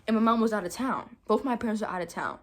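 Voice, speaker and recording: A woman's voice: fairly high pitch, quick pace. A young adult woman telling a dramatic story in a casual vlog, talking straight to her viewers with lots of "like" and "y'all". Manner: animated, dramatic storytelling, heavy use of "like", addresses viewers as y'all. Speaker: vlogger.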